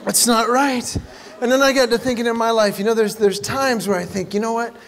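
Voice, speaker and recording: A man's voice: very high voice, steady tone, a little fast, vocal fry, long reverb tail, a crowd in the background. A middle-aged man performing a stand-up comedy routine, telling stories and jumping into exaggerated voices for punchlines.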